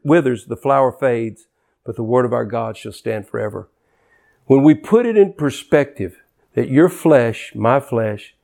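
A man in his sixties preaching a sermon with passion, dropping to hushed tones and rising to near-shouts. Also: mid-range voice. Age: 60s.

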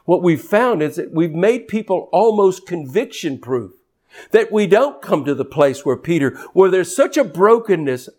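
A very animated man preaches at a moderate pace, full of passion. Words get repeated as he builds toward a point, and he swings from soft, low sections to high, climbing emphasis.

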